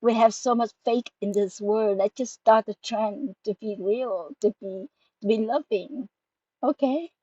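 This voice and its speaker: A woman's voice: medium pitch, measured pace, dark tone, breathy edge, no echo, lo-fi sound. A woman talking straight to her viewers in an emotional, heartfelt way, with non-native grammar and a tearful edge at times. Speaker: spiritual vlogger. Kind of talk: emotional direct-to-camera talk.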